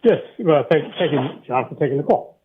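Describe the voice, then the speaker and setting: Over a tinny phone line with a little hiss or hum, a man from Saratoga Springs in upstate New York calls into a talk radio show. His high voice is lively and a little fast, and he rambles breathlessly with many fillers as he gets worked up.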